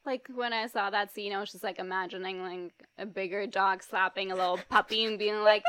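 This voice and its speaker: A woman's voice: medium pitch, fairly even intonation, a little fast, fairly bright tone, clear, resonant tone. A woman co-hosting a podcast in casual chat, agreeing often and adding playful comparisons. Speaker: podcast co-host.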